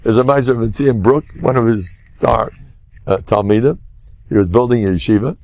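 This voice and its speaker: An older man, a rabbi, giving a humorous Torah lecture full of animated storytelling. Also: mid-range voice, moderate pace, no room sound. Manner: animated, humorous storyteller who loudly acts out quotes.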